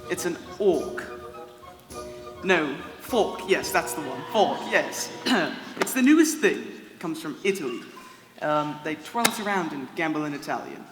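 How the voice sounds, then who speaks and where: A man's voice: on the high side, expressive, a little slow. A man playing a pompous, giggling Prince John. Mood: haughty. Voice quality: theatrical, haughty, giggling. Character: vain, pompous prince with a cruel streak. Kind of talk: live stage play. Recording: echoey hall, music behind.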